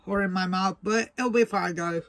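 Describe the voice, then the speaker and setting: A young man vlogging casually to camera, mouth burning from spicy food, talking slowly with breathy sighs between short remarks. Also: high voice, fairly bright tone, slight background noise. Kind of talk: casual vlog talk to camera.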